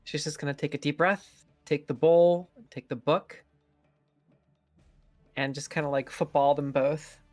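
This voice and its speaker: A woman with a low voice plays in a tabletop game. She describes her character's actions in a loose, hesitant way. She searches for words and fills the gaps with likes and ums. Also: steady tone, measured pace, long pauses, a little mellow, soft background music. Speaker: player.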